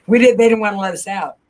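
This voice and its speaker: A woman's voice: mid-range voice, darkish tone. A woman co-hosting a casual podcast chat, laughing often and poking fun at herself. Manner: laughs often, self-deprecating. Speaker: podcast co-host.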